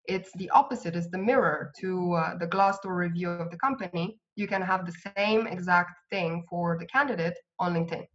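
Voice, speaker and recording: A woman recruiter answering interview questions in a measured, explanatory way. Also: fairly low pitch. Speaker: recruiter guest. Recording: slightly dull lo-fi audio.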